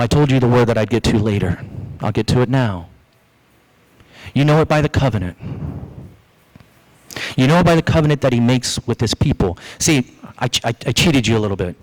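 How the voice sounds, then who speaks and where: A man preaching a sermon as pastor, lively, acting out the voices he quotes. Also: mid-range voice, moderate pace, long pauses, rough recording. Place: church.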